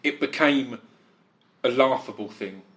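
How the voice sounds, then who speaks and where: A man hosting a casual interview, speaking haltingly with frequent restarts. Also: mid-range voice, fairly bright tone. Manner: halting, restarts often, many agreeing yeahs.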